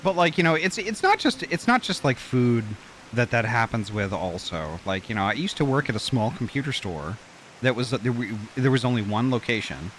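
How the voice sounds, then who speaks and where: A man's voice: medium pitch, lively intonation, moderate pace, a bit bright, slight background noise. A man streaming a game and chatting casually, rambling with many fillers and restarts. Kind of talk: casual chat while gaming.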